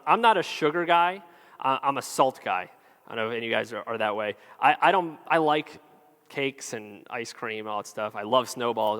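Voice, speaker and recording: A man's voice: mid-range voice, fairly bright tone. A man preaching a casual, joking sermon as a pastor. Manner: conversational, jokey, acts out quoted voices. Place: church hall with long reverb. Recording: reverberant church hall.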